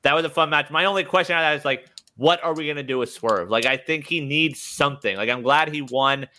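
A man co-hosts a wrestling podcast, chatting with enthusiasm. His voice is bright and slightly high, and his talk is full of "like". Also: quick pace, slight background noise. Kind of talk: casual chat.

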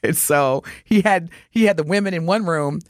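A woman co-hosting a morning radio show, telling a story in lively chat and acting out the voices of the people in it. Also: lowish voice, moderate pace, no echo, studio quality. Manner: animated, acts out voices while telling a story. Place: radio studio.

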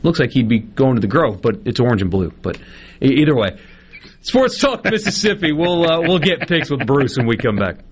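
A man's voice: medium pitch, expressive, fairly quick, slight background noise. A man, co-hosting a sports radio show in casual, joking banter. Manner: joking, self-deprecating banter.

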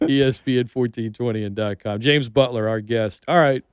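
A man's voice: medium pitch, fairly quick, clean tone, dry recording. Chatty male radio host, dry studio sound. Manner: chatty storyteller, acts out quotes. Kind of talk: casual sports radio interview. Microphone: studio mic.

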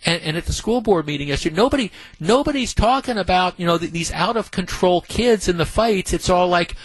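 Husky, indignant male radio host. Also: high-pitched, expressive, a little fast, no echo, low-quality recording. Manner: indignant, emphatic, rhetorical questions. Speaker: radio talk show host. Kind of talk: talk radio commentary.

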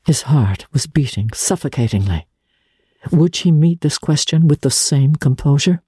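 A narrator reading a classic novel aloud in a measured, even manner. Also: mid-range voice, breathy edge, dry recording, studio quality. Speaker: audiobook narrator. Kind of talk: literary audiobook narration.

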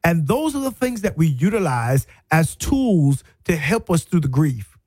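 A middle-aged man, hosting a radio talk show and telling a family story in an animated, emphatic, folksy way. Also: fairly high pitch, measured pace, breathy edge, no room sound. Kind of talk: storytelling monologue. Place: radio studio.

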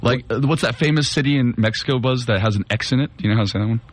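A man's voice: medium pitch, rapid-fire. A man co-hosting a podcast, teasing his friend and reading items off a list in casual chat. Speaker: podcast co-host.

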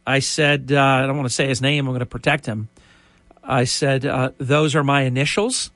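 A man's voice: medium pitch, normal speed, fairly bright tone, dry recording. A middle-aged man casually telling a rambling story as a podcast host, with asides and restarts.

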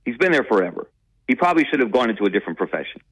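A man co-hosting a sports talk radio show, who stammers, restarts his sentences and grows animated as he talks. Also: mid-range voice, very fast, breathy edge, no echo, low-quality recording. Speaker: radio co-host.

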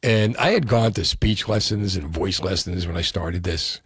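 A man's voice: sits low, normal speed, fairly bright tone, husky, dry recording, studio quality. A middle-aged man with a New Jersey accent, a radio host telling stories in a casual, chatty way with many fillers.

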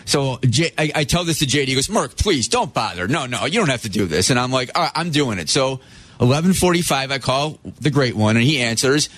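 Fast-talking man telling a story. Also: mid-range voice. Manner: animated storyteller, quotes others. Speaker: radio personality telling a story.

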